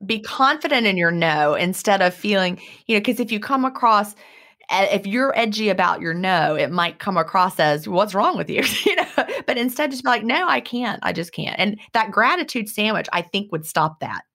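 A woman co-hosting an advice podcast, thoughtful and quick to laugh in casual chat. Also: mid-range voice, lively intonation, sharp tone. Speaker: podcast co-host.

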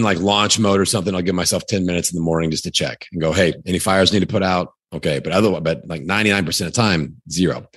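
Deep voiced guy, upbeat coach chatting on a podcast, lots of likes, dry sound. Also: no room sound. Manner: upbeat, quick, lots of "like" fillers. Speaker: podcast business coach, guest. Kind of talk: casual interview talk.

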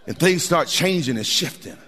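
A man preaching a sermon as pastor, animated and folksy, repeating words for emphasis. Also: a little high, normal speed. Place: church sanctuary. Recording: long hall reverb.

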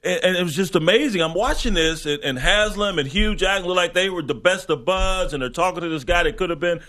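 A man's voice: high voice, fairly quick, bright, forceful tone. A man co-hosting a casual sports talk show, rambling through player picks with many stops and restarts.

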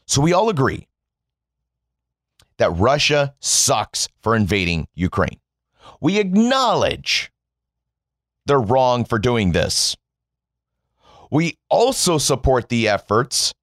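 A political commentator from the United States launches into a sarcastic, profane commentary monologue, calling his viewers "folks" and jabbing at targets with wide pitch swings. His voice is a bit bright, and the close, dry recording has no echo or room sound.

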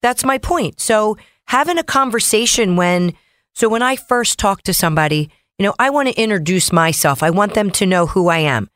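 A woman's voice: mid-range voice, lively intonation, a bit bright, no echo, clean studio sound. Chatty female mortgage officer on radio. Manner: brisk, chatty, reels off figures. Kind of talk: casual radio talk. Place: radio studio.

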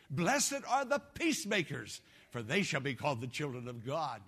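Male pastor, fervent sermon delivery, bright tone. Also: a little high, expressive, unhurried, slightly rough. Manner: fervent, exhorting preacher.

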